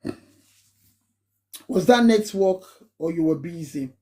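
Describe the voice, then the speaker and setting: Nigerian lady on a phone live stream, talks slow and emphatic, says things twice. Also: fairly low pitch, expressive, warm tone. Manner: emphatic, repeats points. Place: home in Manchester.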